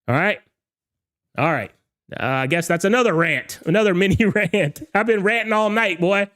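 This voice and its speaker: High-voiced ranting DJ host, a little hoarse. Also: male voice, moderate pace, fairly bright tone. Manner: emphatic, ranting, repeats "okay?" and "all right?". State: slightly hoarse from talking all night. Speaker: DJ show host. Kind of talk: casual livestream rant.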